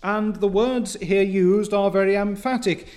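Male preacher, fairly high voice, slow and deliberate delivery with emphatic swells. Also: fairly even intonation, a little mellow. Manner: reads scripture in old biblical wording. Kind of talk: sermon.

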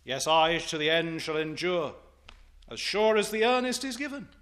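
A male preacher with a bright, ringing voice pitched a little high. He delivers an expository sermon, stacking rhetorical questions in old-fashioned, formal phrasing. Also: sing-song, moderate pace.

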